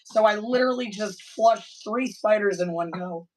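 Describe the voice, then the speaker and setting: Husky-voiced woman firing off quick quips. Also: mid-range voice, a little mellow, distant mic, low-quality recording. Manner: quick reactive quips and exclamations. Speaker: podcast co-host. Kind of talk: casual chat.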